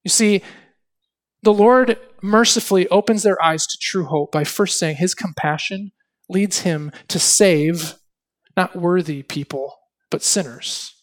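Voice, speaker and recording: A man's voice: high-pitched, a little slow. A male preacher giving an expository sermon, asking rhetorical questions and reading scripture with dramatic emphasis.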